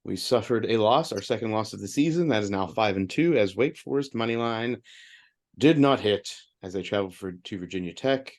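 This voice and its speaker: A man with a fairly low voice co-hosts a sports betting podcast. He runs through his picks in quick, upbeat bursts in a casual chatty tone. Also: expressive. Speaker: podcast co-host reading betting results.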